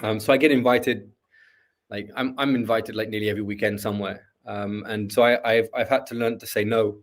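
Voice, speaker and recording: A man's voice: lowish voice, fairly even intonation, brisk. A man chatting as a podcast guest, hesitant, often repeating words and restarting his sentences. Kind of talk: casual interview chat.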